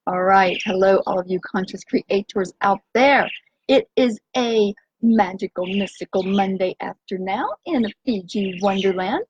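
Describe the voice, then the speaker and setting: A woman with a husky, medium-pitched voice speaks at a measured pace on a dry, muffled recording. An organic nutrition coach, she hosts an upbeat live stream outdoors by the sea on a windy day, talking exuberantly in a sing-song way and breaking into chants and cheers.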